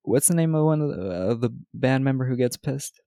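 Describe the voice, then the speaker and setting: A man with a gravelly, fry-edged voice recaps a movie for a podcast, quoting the characters and chuckling as he goes. The sound is close and dry, with no room around it. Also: medium pitch, expressive, fairly quick, dark tone, no room sound. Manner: laughs often, retells scenes with quoted lines. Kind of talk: casual chat.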